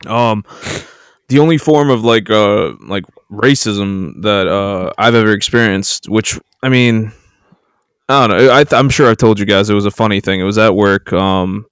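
A man's voice: lowish voice, measured pace, smooth, dry recording, studio quality. A man on a podcast telling a story from work in casual chat, hesitant and joking.

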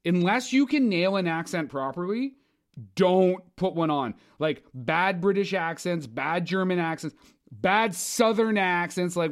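A man co-hosting a casual podcast chat, animated and excitable, swearing freely as he talks. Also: high-pitched, unhurried. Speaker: podcast co-host.

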